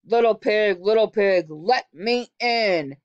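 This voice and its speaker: A woman voicing a greedy, demanding big bad wolf in a storybook read-aloud, drawing out her demands slowly and loudly. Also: clear, resonant tone, no room sound, close to an everyday voice. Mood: menacing. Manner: slow, drawn-out, booming demands. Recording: dull, dry lo-fi recording.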